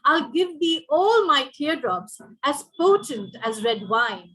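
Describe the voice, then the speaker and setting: Lady reading out a snooty peacock guy, high voice, declaiming his rhymes all grand. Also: big pitch swings, slow, fairly bright tone, heavily acted, poor audio. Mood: pompous. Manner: grandly declaiming rhyming verse. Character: vain pompous male peacock suitor.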